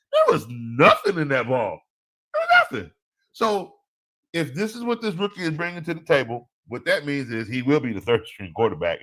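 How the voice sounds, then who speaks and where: Joking man hosting a football show. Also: medium pitch. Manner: animated, joking, laughs often, speaks in slang. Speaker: fantasy football show host. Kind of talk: casual live-stream talk.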